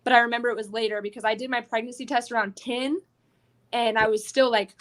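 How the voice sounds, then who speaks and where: Animated, swearing woman fighter. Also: a little high, quick pace. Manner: animated, profane storytelling full of "like". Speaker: bare-knuckle fighter guest. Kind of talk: casual podcast interview.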